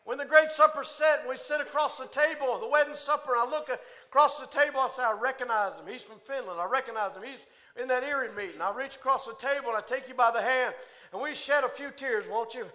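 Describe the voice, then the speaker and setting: Male preacher, high bright voice, rhythmic sermon delivery that climbs from hush to shout. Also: quick pace. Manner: swings from hushed to shouting, rhythmic preaching cadence. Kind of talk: Pentecostal-style sermon.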